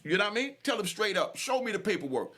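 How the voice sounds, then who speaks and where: This fired-up older New Yorker hosting a channel has a high, sing-song, sharp voice and talks fast. Angry and sweating, he addresses the camera directly in emphatic, repetitive street talk loaded with fillers.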